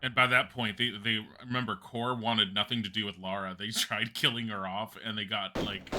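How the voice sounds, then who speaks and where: A man streaming a game live with a very bright, forceful voice. He rambles casually through his commentary, laughs often, and swears without a second thought. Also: fairly low pitch, steady tone, normal speed.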